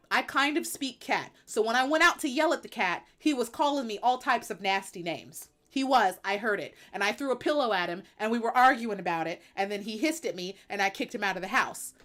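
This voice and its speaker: A woman's voice: fairly high pitch, lively intonation, brisk, fairly bright tone. A woman hosting a live stream, talking bluntly and emphatically in an opinionated, sassy way. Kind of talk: opinionated casual chat.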